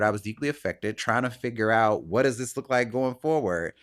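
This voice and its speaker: A man's voice: mid-range voice, a little fast. A man hosting his own podcast, talking through his feelings in an earnest, searching, self-questioning way and sometimes acting out what other people said. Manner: animated, acts out other people's voices. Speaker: podcast host. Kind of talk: personal reflective monologue.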